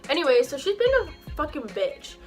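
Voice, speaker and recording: A woman's voice: sits high, big pitch swings, moderate pace. A young woman telling a personal story for her vlog, swearing often and packing her speech with "like", in a heated and indignant way. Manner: heavy swearing, frequent "like" fillers. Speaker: vlogger. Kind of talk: storytime monologue. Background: faint background music.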